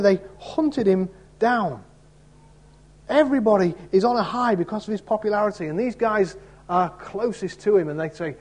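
Husky-voiced man preaching conversationally. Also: sits high, moderate pace, darkish tone. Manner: conversational, asks listeners rhetorical tag questions; acts out quoted voices in the story. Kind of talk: expository sermon.

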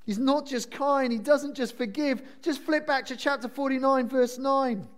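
A man preaching a sermon in a chatty, self-deprecating and animated way. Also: very high voice, normal speed.

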